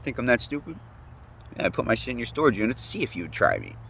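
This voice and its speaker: A man's voice: mid-range voice, fast, gravelly, slight background noise. A man, ranting casually, rambling and swearing often. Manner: profane, rambling, animated, laughs often. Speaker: interviewee. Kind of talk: casual rant.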